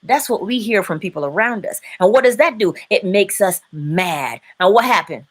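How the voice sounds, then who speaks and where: A woman hosting a live-stream inspirational talk, preaching in an animated way and laughing often. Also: mid-range voice, normal speed. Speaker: inspirational speaker and host.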